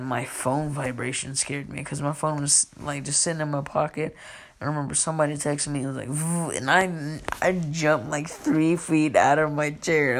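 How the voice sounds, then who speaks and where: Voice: mid-range voice, slight background noise. A young adult telling a rambling, profane story. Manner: rambling, profane, laughs often, swings from hushed to loud. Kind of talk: casual storytelling.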